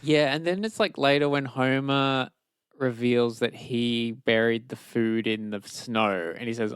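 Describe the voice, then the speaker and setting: A man's voice: medium pitch, steady tone, a little slow, smooth, no room sound, studio quality. A man on a podcast panel, reviewing an episode hesitantly with many fillers in casual chat.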